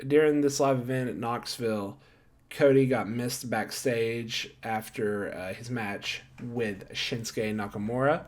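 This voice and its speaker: A man's voice: mid-range voice, a little mellow. A man recapping a wrestling show in a casual, rambling way, correcting himself and tossing in jokey asides while handing out star ratings.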